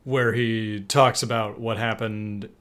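A man's voice: flat delivery, slow pace, fairly bright tone. A man co-hosting a podcast, recapping an episode in loose, rambling casual chat with frequent restarts and the odd swear. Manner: rambling, profane, mimics characters with raised pitch. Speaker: podcast co-host.

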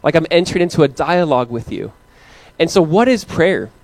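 A man in his thirties preaching a casual, story-driven sermon as pastor, animated and playful as he recounts family moments. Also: a little fast. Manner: animated storytelling, acting out his kids in high voices. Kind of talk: conversational sermon.

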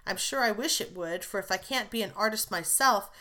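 Woman reading prim earnest young girl, careful and measured. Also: medium pitch, pushed and bright, close to an everyday voice. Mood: composed. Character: earnest, refined young girl hoping to be a lady.

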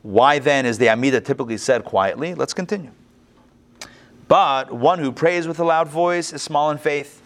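A man teaching a Torah text-study class in a conversational, animated way, reading passages and adding casual asides. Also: fairly high pitch, normal speed.

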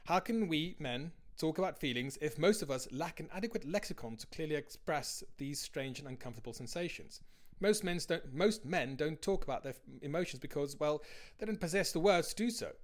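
Brief: conversational male blogger, slightly higher pitch, reads his post with candid asides. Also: animated, brisk. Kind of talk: casual reading of a blog post.

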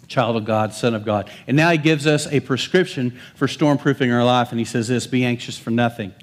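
A male pastor preaching a lively sermon, joking with the congregation and building emphasis. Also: medium pitch, fairly quick. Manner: animated, humorous preaching with rising emphasis.

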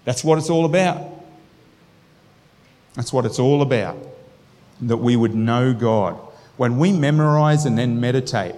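A man's voice: medium pitch, darkish tone. A man preaching a sermon in an earnest, conversational way, restarting phrases and breaking into spoken prayer. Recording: long hall reverb.

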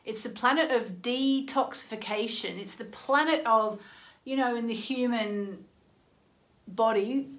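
A woman's voice: on the high side, a little slow, fairly bright tone. A woman chatting earnestly into her phone as the host of an astrology livestream, with many "you know" asides. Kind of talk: casual livestream chat.

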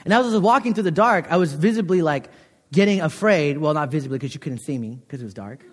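A man's voice: a little high, expressive, fast talker. A young man giving a chapel sermon in a college chapel, talking in an earnest, conversational way with many fillers. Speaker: chapel speaker. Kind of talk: chapel sermon with personal story. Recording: long hall reverb.

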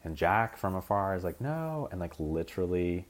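A man's voice: low voice, steady tone, a little fast. A young man hosting a solo podcast, rambling casually with lots of fillers, swearing, and acting out scenes as he retells them. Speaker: podcast host. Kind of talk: casual rambling film chat.

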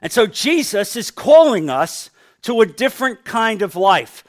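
High-pitched emphatic male preacher. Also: big pitch swings, measured pace. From New Jersey. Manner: emphatic preaching, swinging from loud to quiet. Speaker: pastor. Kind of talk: sermon.

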